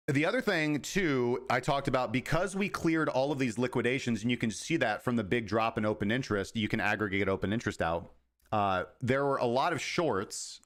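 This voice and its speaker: A man hosting a casual crypto livestream, speaking at a mid-range pitch. He explains at length in an informal, talky way. Now and then he slips into quick imitations of traders' thoughts. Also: a bit bright. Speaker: crypto market analyst, host. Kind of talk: casual livestream market commentary.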